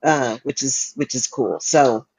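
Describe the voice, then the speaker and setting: A woman's voice: rumbling low, a little slow, darkish tone, rough recording. A woman co-hosting a talk show, chatting casually and laughing often as she talks. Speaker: podcast co-host. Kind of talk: casual chat.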